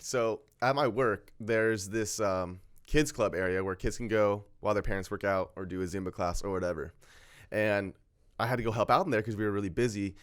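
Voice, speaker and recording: A man's voice: lowish voice, fairly quick, smooth. A young man guesting on a podcast, chatting casually and giggling as he tells stories. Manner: giggly, animated storyteller.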